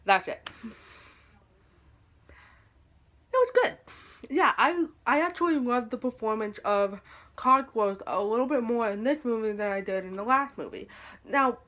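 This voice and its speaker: A woman's voice: on the high side, lively intonation, unhurried, pauses often, fairly bright tone. A young woman chatting casually in a movie review vlog, with many ums, now and then acting out short quotes.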